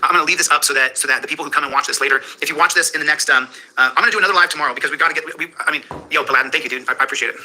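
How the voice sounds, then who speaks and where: A man's voice: fairly high pitch, racing, few pauses, bright, forceful tone, slightly rough, rough recording. A man streaming live, rambling casually and addressing viewers by name. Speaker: livestreamer. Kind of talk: casual chat.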